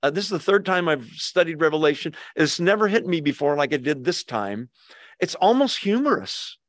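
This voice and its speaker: A man's voice: a little high, big pitch swings, moderate pace, no echo, clean studio sound. An older man preaching a sermon with emphasis, repeating key words and asking his listeners questions. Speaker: pastor.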